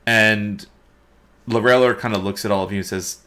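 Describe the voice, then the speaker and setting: A man narrating as dungeon master of a tabletop game, relaxed and unhurried with small hesitations. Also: fairly low pitch.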